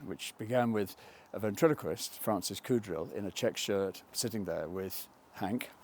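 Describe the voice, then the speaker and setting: A man's voice: on the low side, moderate pace, darkish tone, slight background noise. An older man from England, a film writer, talking thoughtfully in a documentary interview, wandering off on tangents and correcting himself. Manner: thoughtful, digressive, with self-corrections.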